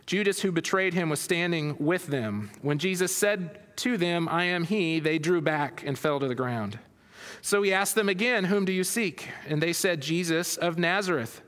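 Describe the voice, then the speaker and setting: A man delivers a sermon, first reading a scripture passage aloud and then explaining it. His voice sits a little high for a man, and he often restarts his phrases as he thinks aloud. A long reverb trails his words, as in a large hall. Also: moderate pace, a bit bright. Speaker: pastor.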